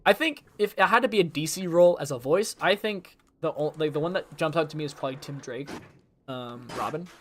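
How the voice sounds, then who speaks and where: A young gaming streamer chats casually while playing, rambling along with plenty of fillers. His voice is a bit high and he talks fairly quickly.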